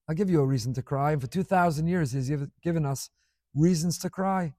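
A middle-aged man preaching a sermon as a rabbi, passionate, with big swings between quiet and loud. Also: on the high side, a little fast, dry recording, studio quality. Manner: impassioned, dramatic swings in volume.

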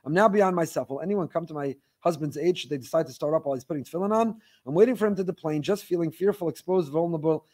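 A man teaching a Torah class, reading listener emails aloud in an animated storytelling way with wry asides. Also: on the high side, fast, hardly any pauses.

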